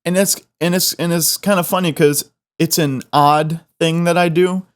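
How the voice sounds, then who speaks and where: A man's voice: a little high, fairly even intonation, moderate pace. A young man from the Midwest with a faint Southern twang, hosting a podcast in a loose, joking, rambling style full of restarts. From American Midwest. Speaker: podcast host. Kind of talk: casual solo podcast chat.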